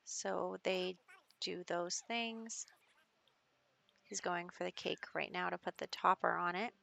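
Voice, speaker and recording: A woman's voice: on the low side, fairly even intonation, takes it slowly, gravelly, bright, forceful tone. A young woman casually narrating her gameplay as the show's host, telling the story in a chatty way with fillers. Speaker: gaming video host.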